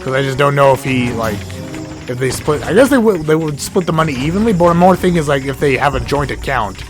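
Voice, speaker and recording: Hoarse-voiced man rambling over gameplay. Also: medium pitch, lively intonation, brisk. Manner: rambling, self-correcting, jokey asides. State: voice going hoarse and cracking. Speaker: let's play host. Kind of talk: casual gameplay commentary. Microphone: desk mic with a cable that gets knocked. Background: game music.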